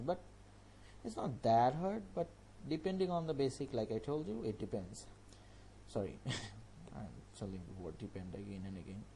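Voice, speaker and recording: A man's voice: on the low side, a little hiss or hum, low-quality recording. A man teaching an online language course, previewing upcoming lessons in an informal, chatty way and thinking aloud as he goes. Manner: informal and chatty, talks a topic through out loud.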